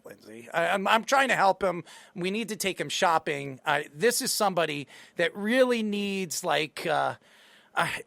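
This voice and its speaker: Playful male host, high and animated, close dry sound. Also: creaky, dry recording. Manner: teasing, playful banter. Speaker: podcast host. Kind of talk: casual chat.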